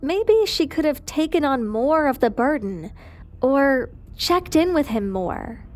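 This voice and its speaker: A woman narrating a dramatic family story in a scripted, even storytelling delivery. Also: sits high, slow.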